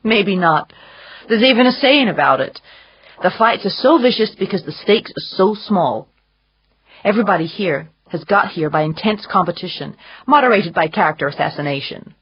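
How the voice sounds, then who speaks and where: A woman's voice: medium pitch, expressive, normal speed, slightly rough, dull audio. A woman reading an urbane, teasing older man with a wry, drawling manner.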